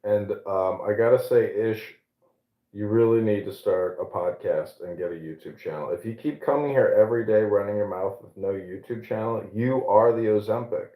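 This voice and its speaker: A man's voice: on the low side, moderate pace, phone-quality sound. A man hosting a casual group podcast chat, blunt and sarcastic. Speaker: podcast host. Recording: roomy echo.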